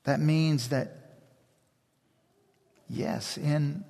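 A man preaching a sermon as pastor, slow and emphatic, building intensity. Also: a little high, steady tone, vocal fry, dark tone. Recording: long hall reverb.

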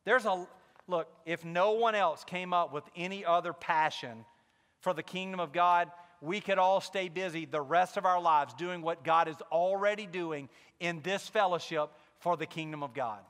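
Bright-voiced pastor preaching in a hall. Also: male voice, sits high, moderate pace. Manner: storytelling with candid asides, building to fervent emphasis. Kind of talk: sermon.

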